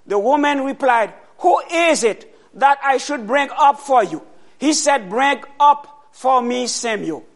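A man preaching a sermon, asking the congregation questions and answering them himself, with loud bursts of emphasis. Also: very high-pitched.

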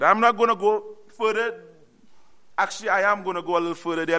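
A man preaching a sermon, earnestly repeating key phrases and pausing on "what?" to let listeners finish the line. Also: sits high, pushed and bright. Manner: call-and-response, pausing on "what?" for the audience to finish.

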